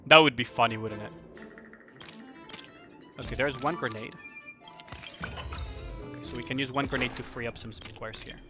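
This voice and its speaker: A man's voice: mid-range voice, steady tone, moderate pace, pauses often, music in the background. A man streaming a game and chatting casually with viewers, rambling and often asking "right?" as he talks. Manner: rambling, repeats "right?" and "at the end of the day". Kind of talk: casual chat while playing a game.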